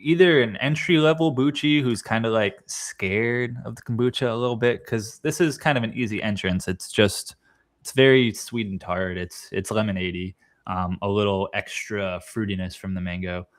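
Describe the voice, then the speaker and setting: A man with a somewhat low voice, co-hosting a podcast. He chats in a loose, playful way and jokes with his partner. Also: fairly even intonation, normal speed. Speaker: podcast co-host. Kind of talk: casual chat.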